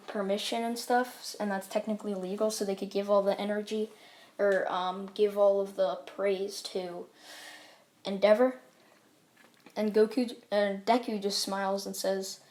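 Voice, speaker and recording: A woman's voice: medium pitch, a little mellow. A woman telling a fan story in a loose, rambling way, stringing it together with "like" and "um". Her delivery is casual and unscripted. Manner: rambling, full of "like" and "um" fillers. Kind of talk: casual fan-fiction retelling.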